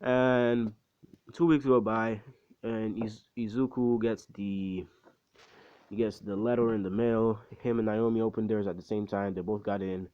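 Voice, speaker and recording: A man with a lowish voice talks loosely through a story, tossing in slang and curses as he goes. His rambling recap is caught on a dull, lo-fi recording. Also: fairly even intonation, a little slow, mellow, smooth. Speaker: fan-fiction storyteller. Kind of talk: casual spoken story recap.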